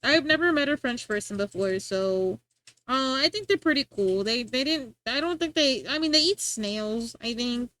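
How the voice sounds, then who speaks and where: A woman's voice: fairly high pitch, animated, normal speed, fairly bright tone. A young adult woman streaming, rambling in casual chat and answering her chat, often restarting her sentences.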